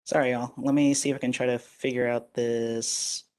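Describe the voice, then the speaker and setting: Over a computer microphone on a video call, a presenter leads a live webinar, talking casually with lots of fillers and restarts. The voice sits at medium pitch with a darkish tone, moves little in pitch, and keeps a normal speed.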